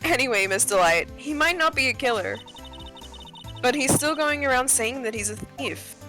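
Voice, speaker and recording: A woman's voice: high voice, expressive, moderate pace, pushed and bright, faint music behind. A woman voicing a doting, flamboyant middle-aged woman as she reads game dialogue aloud, in a theatrical, fawning manner. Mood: indignant.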